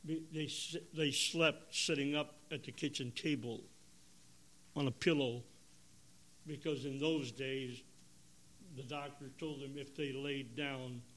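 A man, preaching an emotional testimony, swinging from loud bursts to hushed tones. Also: medium pitch, fairly even intonation, takes it slowly. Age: 70s. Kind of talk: sermon testimony.

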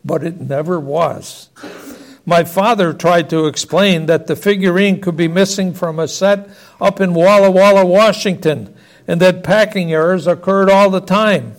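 A man's voice: high voice, measured pace. A man reading a Christmas-style family story aloud as narrator.

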